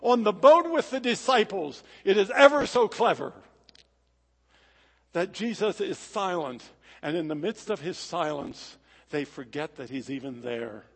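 A high-pitched male preacher delivers a sermon with dramatic, rhythmic phrasing, rising to loud and falling to hushed. His voice carries a long reverb, as if filling a large hall. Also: expressive, measured pace, husky. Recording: echoey hall.

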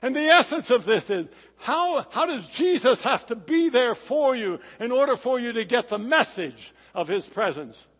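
High-voiced man preaching a dramatic sermon. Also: very animated, normal speed, hardly any pauses. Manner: dramatic, rhythmic delivery swinging from loud to hushed. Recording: echoey hall.

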